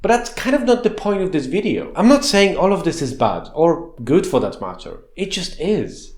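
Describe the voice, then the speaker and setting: A man in his thirties delivers a sarcastic commentary monologue full of mocking rhetorical questions. His voice sits high and swings widely in pitch. He sounds like he is in an echoey room, with music playing softly behind him. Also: very animated, normal speed. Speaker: commentary YouTuber.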